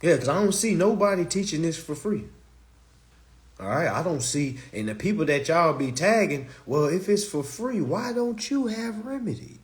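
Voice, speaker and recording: Animated, profane man ranting on a live stream. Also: on the high side, moderate pace. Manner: blunt, profane, animated, with rhetorical questions. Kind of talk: casual live stream rant.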